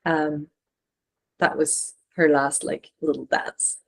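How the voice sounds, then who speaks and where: A woman channeler giving a reading, gently relaying messages with reassuring, filler-filled speech. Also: deep voice, flat delivery, slow pace, creaky. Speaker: spiritual channeler and regression therapist.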